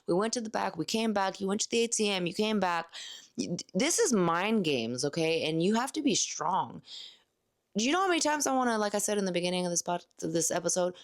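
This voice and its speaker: A woman in her late thirties telling a candid, animated story about a night at work. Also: medium pitch, brisk. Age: 30s. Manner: animated, candid, acts out quoted lines. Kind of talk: casual storytelling vlog.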